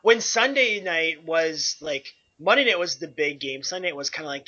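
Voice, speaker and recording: Very bright man on a dull, lo-fi line. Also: a little high, expressive. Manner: chummy, quick to agree and chime in. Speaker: podcast co-host. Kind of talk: casual sports podcast chat. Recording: dull, lo-fi audio.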